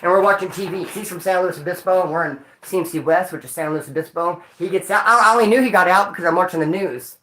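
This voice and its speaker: Animated, profane man telling stories. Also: high voice, quick pace, few pauses, reverberant. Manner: animated, slangy and profane, acting out quotes. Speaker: storyteller recounting prison life. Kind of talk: casual storytelling monologue.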